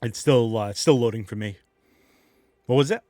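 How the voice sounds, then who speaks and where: Man, game master, tabletop game narration, lively with sound effects, middle pitch, faint music. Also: moderate pace, no echo.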